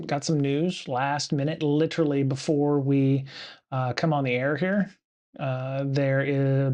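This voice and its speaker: A man hosting a casual livestream show, rambling with lots of fillers and restarts from a home studio. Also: mid-range voice. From United States. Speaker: podcast host.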